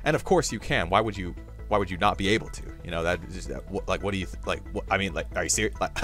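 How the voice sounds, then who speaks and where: A young man narrates his gameplay in a goofy, rambling way, chatting straight to the viewer. His voice swings widely up and down and bursts into sudden loud outcries. Faint game music plays quietly behind him. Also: on the low side, big pitch swings, fairly quick. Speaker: gaming YouTuber. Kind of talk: playful game commentary.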